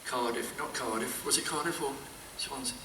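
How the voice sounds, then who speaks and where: A man's voice: medium pitch, normal speed, noisy background. A man telling rambling anecdotes as a guest in a casual convention panel chat. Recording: roomy echo, mic far off.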